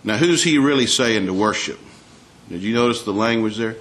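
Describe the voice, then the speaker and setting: Male preacher, lower voice, chatty sermon style, rhetorical questions, slows down to read scripture. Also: fairly bright tone. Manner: reads scripture aloud in a slower, raised voice.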